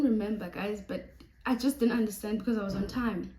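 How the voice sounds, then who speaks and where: A young South African woman telling a story to camera in a lively storytime vlog, slipping between Xhosa and English. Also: mid-range voice, fairly quick, roomy sound, poor audio. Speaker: YouTuber.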